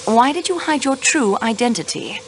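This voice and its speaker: An actress playing a young railway clerk turned investigator in a mystery video game, polite but insistent in questioning. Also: female voice, on the high side, very animated, moderate pace, background noise. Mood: poised, probing. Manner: poised, probing, politely insistent.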